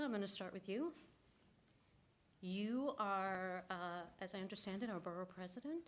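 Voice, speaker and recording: A woman resident speaking at public comment during a council meeting, angry and forceful as she addresses council members directly. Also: medium pitch.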